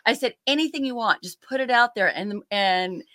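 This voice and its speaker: A woman's voice: on the high side, moderate pace, a bit bright, dry recording, clean studio sound. A middle-aged woman, a podcast guest, telling a family story with eager enthusiasm and setting the scene. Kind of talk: casual storytelling.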